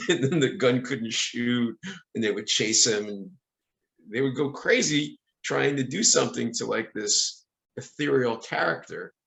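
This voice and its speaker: A man's voice: on the low side, gravelly, fairly bright tone, rough recording. A man hosting a podcast, chatting casually and playfully, laughing often. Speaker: podcast host. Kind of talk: casual chat.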